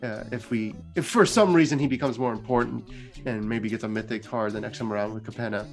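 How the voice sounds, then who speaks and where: A male channel host casually retelling a story, chatty and loose, full of filler words. His voice sits at a middling pitch, and light guitar music plays faintly underneath. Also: fast, darkish tone.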